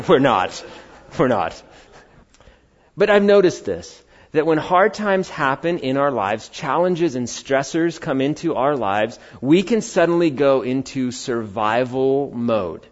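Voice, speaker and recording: Animated middle-aged man preaching. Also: mid-range voice. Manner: animated, conversational, acts out quotes in varied voices. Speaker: pastor. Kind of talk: sermon with storytelling. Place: church hall before a congregation. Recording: slightly dull lo-fi sound.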